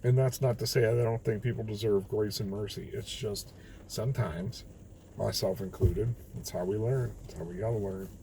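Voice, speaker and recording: A man's voice: on the low side, steady tone, normal speed, warm tone, slight background noise, low-quality recording. A man reading Bible verses aloud and then reflecting on them in a plain, candid way, sitting in his car. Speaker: host of a daily Bible reading video. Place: in a car on a rainy night.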